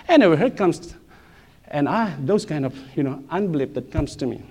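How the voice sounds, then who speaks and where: A middle-aged man telling a personal church testimony, animated, repeating phrases and laughing between lines, with non-native English grammar. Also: a little high, a little fast, husky.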